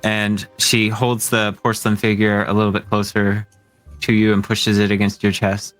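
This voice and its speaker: A man's voice: fairly low pitch, monotone, normal speed, a bit bright, no room sound, soft background music. A man narrating a tabletop game as game master, describing scenes hesitantly with fillers.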